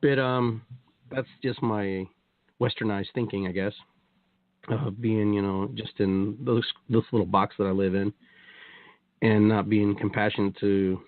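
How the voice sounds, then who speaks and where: On a tinny, phone-like line with a dry sound, a man appears as a talk show guest and tells his story, rambling through many restarts and quoted asides. His voice sits low, steady and unhurried, with no echo.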